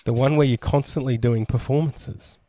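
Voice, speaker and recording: Mellow-voiced mocking man, dry. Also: mid-range voice, steady tone, moderate pace, no room sound. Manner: mocking, insulting. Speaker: podcast co-host. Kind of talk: crude comedic banter.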